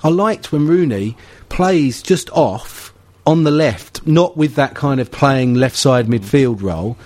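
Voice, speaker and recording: A man's voice: mid-range voice, lively intonation, unhurried, darkish tone, no room sound. A man talking football on a casual podcast, thinking aloud with frequent restarts. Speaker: pundit.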